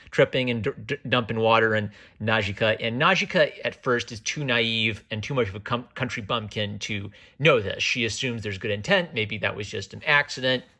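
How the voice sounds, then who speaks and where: A man reviewing a comic in a casual, chatty way. His voice is bright and forceful, and his delivery is excitable and jokey. He keeps drifting off into side comments. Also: medium pitch. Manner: enthusiastic, digressive, jokey. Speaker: manga reviewer.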